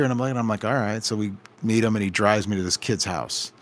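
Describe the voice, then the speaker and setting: Store-owner guest type: low-pitched man, loose storyteller who voices the people in his tales. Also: fast. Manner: rambling anecdotes with acted-out quoted dialogue. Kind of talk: casual podcast storytelling.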